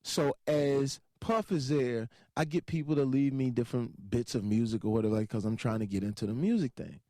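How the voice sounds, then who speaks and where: A man telling an animated anecdote, laughing often and acting out other people's voices as he goes. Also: mid-range voice, fairly quick, dry recording. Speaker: entertainer telling a story. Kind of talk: animated anecdote with acted-out quotes.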